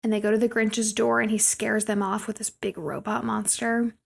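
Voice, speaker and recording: A woman's voice: medium pitch, flat delivery, normal speed, creaky, husky. A woman co-hosting a podcast, chattily retelling a movie scene by scene. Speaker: podcast co-host. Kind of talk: casual podcast movie recap.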